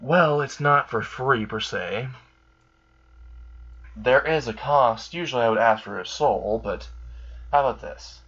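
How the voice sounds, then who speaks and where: A man's voice: mid-range voice, unhurried, pauses often, fairly bright tone, breathy edge. A man voicing an amused, menacing male demon in a suit, sly and politely taunting. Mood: dealmaking. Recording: dull lo-fi recording.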